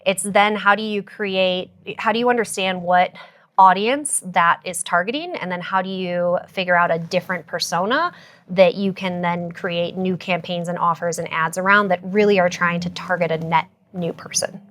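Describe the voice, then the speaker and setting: A woman guest on a podcast, explaining ad and growth strategy in a brisk, jargon-heavy way with frequent fillers. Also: on the low side, fairly even intonation, a bit bright. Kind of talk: casual podcast interview.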